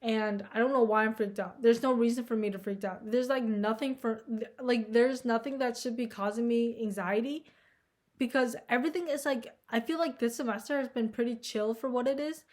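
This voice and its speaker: A woman's voice: a little high, normal speed, darkish tone. A young woman vlogging in a casual, rambling monologue, anxious and self-deprecating, filling her talk with "like" and swearing. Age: young adult. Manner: rambling, heavy "like" filler, frequent swearing.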